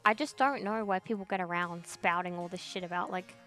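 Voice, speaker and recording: A woman's voice: on the low side, a little fast, pushed and bright, faint music behind. A young woman streamer in a casual chat, ranting bluntly with lots of swearing and slang while reacting to chat.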